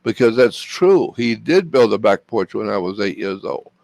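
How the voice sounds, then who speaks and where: A man's voice: lowish voice, sing-song, moderate pace, vocal fry, a little mellow, dry recording. An older man from Florida telling a personal story in an interview, repeating phrases for emphasis. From Florida, USA. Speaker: interview guest.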